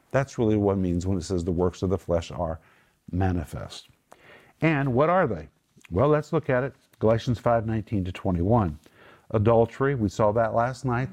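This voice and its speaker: A man's voice: fairly low pitch, darkish tone. A middle-aged man hosting a Bible teaching group, preaching earnestly, praying aloud and patiently explaining the meaning of words. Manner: earnest, emphatic preaching that moves into spoken prayer.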